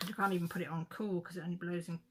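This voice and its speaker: A woman's voice: fairly low pitch, fairly even intonation, racing, background noise. A middle-aged woman, chatting casually in a vlog and telling a story in a rambling way with frequent self-corrections. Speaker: craft vlogger.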